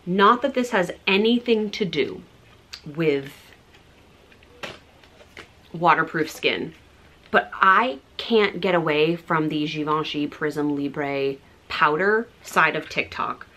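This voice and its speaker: A woman in her thirties chatting breezily to camera as a beauty vlogger, full of "like" fillers and soft asides. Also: low-pitched, slow, slight background noise. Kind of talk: casual chat showing products.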